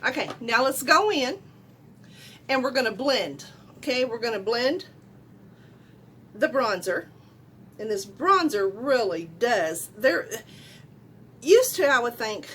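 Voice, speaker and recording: A middle-aged woman walks viewers through her makeup in a chatty, folksy way. Her voice sits a little high and she talks loudly, checking in with "okay?" and "right?" as she goes. A faint rumble hums behind her at home. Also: very animated, takes it slowly, pauses often. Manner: chatty, loud and folksy, asks viewers questions. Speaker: beauty vlogger. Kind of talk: casual makeup tutorial.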